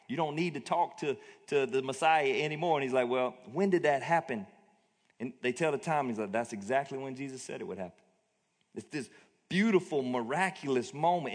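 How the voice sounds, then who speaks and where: A man preaching a conversational, plainspoken sermon as pastor of his church. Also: medium pitch. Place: church auditorium. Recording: long hall reverb.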